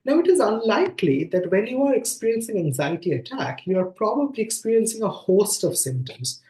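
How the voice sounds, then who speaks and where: A man's voice: high voice, very animated, fairly quick, mellow. A man giving an academic lecture over a video call, talking conversationally with many fillers and restarts between read extracts. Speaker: guest lecturer. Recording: echoey room sound.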